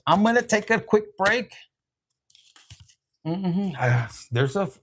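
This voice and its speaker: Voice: medium pitch, a little hiss or hum. A tarot reader giving a casual, profane online reading in a brash, slangy style, swearing freely.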